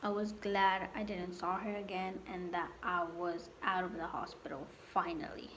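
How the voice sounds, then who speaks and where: A young adult woman telling a casual storytime vlog, halting and repetitive with many fillers. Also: fairly low pitch, flat delivery, fairly bright tone, slight background noise. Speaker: vlogger.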